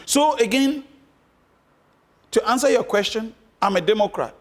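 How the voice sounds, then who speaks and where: A man's voice: very high-pitched, measured pace, pauses often. A man giving interview answers about politics, emphatic, repeating his points for stress. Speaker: interview guest, former candidate.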